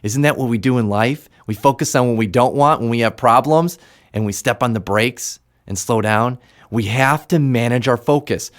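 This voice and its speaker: A man, a life coach, giving an energetic motivational talk and demonstrating how to speak to oneself. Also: medium pitch.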